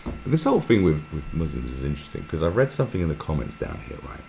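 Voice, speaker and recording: Very deep-voiced sweary man. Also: wildly swooping pitch, fast talker, creaky, darkish tone, slight background noise. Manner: sweary, restless, often breaks into mocking impressions. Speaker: live stream host. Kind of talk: casual rambling commentary.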